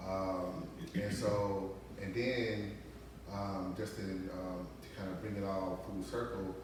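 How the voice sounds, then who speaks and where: Low-voiced man in a noisy echoey room. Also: level tone. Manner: thoughtful, halting, many ums. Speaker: guest, author and barber. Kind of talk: casual interview talk. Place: barbershop. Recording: echoey room, mic far off, some noise.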